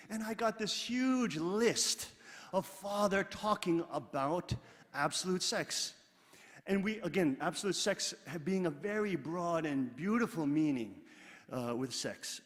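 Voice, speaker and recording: High-voiced man preaching in a reverberant hall. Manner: emphatic, repetitive, building to loud peaks. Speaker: religious leader. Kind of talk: sermon.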